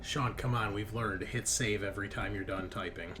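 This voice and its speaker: A man running a tabletop game as game master, relaxed and joking, often pausing with fillers. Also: lowish voice, crowd noise.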